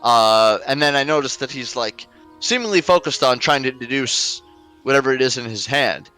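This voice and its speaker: A man's voice: mid-range voice, moderate pace, pushed and bright, clean tone, soft background music. A man playing a tabletop game, speaking in an easygoing, casual way. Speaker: player.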